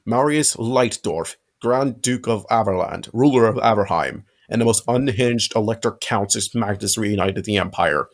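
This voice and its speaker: A man's voice: lowish voice, moderate pace, hardly any pauses. A man narrating a fanfic aloud with friends, in a casual reading with occasional slips.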